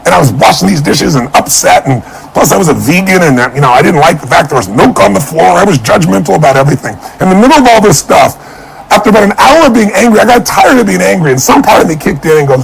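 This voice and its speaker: Gravelly-voiced man telling a motivational story. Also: high voice, quick pace, rough recording. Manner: animated storyteller acting out dialogue. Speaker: motivational speaker.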